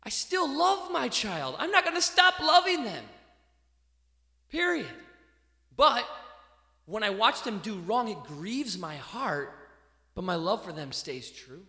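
A man delivers a sermon in a bright, high voice. He is animated, pushing some phrases out loudly and dropping others low and quiet. The sound rings around a large echoey hall. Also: slow pace, long pauses. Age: adult parent. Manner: animated, swings between loud emphasis and quiet asides. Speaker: pastor.

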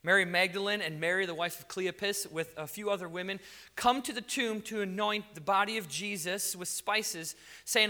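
A male preacher tells his sermon in an animated, chatty storytelling manner. His voice is high for a man and very bright, and it cuts through the room. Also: normal speed. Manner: animated, conversational storytelling with acted quotes. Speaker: pastor.

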